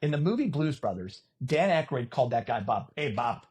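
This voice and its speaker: A middle-aged man telling a story as a podcast guest in a casual, animated way, cursing and poking fun at himself. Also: medium pitch, a little fast, slightly rough. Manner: animated, profane, self-mocking. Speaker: podcast guest, former volleyball player and announcer.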